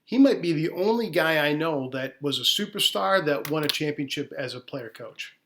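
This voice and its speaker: A man's voice: on the high side, expressive, normal speed, fairly bright tone, a little hiss or hum. Man, podcast co-host, casual debate, earnest, restarts words. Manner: earnest, restarts words when making a point. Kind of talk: casual sports debate chat.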